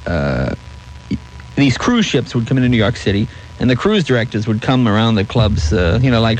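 A man's voice: mid-range voice, moderate pace, a little hiss or hum, rough recording. A man telling anecdotes as a comedian guest in an interview, acting out the voices of people in his stories. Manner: animated, acts out voices in stories.

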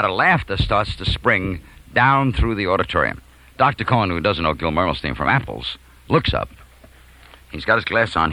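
A man telling a comic school anecdote, chuckling and swinging from hushed to loud. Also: fairly low pitch, no echo, rough recording. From New York. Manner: animated, chuckling, big swings from quiet to loud. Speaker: storyteller. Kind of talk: comic anecdote told to an audience.

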